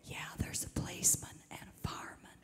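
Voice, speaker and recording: A woman voicing a small mischievous boy who answers the phone in a hushed whispered role-play, live on stage. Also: fairly quick, natural voice. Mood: secretive.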